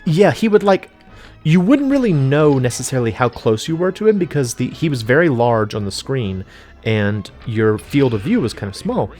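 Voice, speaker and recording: A man talks casually over a video game, wandering off topic, forgetting what he was saying and filling gaps with ums and likes. His voice sits at an ordinary middle pitch. Soft game music plays faintly behind him. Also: big pitch swings, normal speed. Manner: rambling, forgetful, many fillers. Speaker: let's play host. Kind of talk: casual gameplay commentary.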